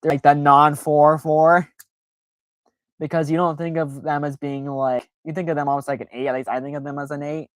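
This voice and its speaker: A woman's voice: low-pitched, little pitch movement, normal speed, no room sound. A woman streaming a casual, rambling chat, full of fillers and self-deprecating asides, who acts out quoted reactions in playful voices.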